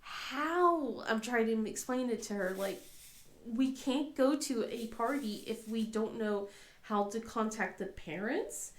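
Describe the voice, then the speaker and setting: A woman's voice: on the high side, a little slow. A woman in her thirties chatting casually as a crafting vlogger, rambling with lots of fillers and laughing often. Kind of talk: casual chat. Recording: echoey room.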